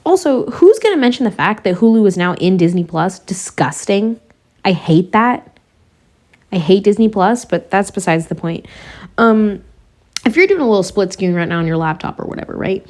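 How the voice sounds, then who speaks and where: Reviewing a TV show for her YouTube viewers, a young woman chats away in slang and often strays onto tangents. She speaks at a moderate pace in an expressive, mid-range voice with a darkish tone.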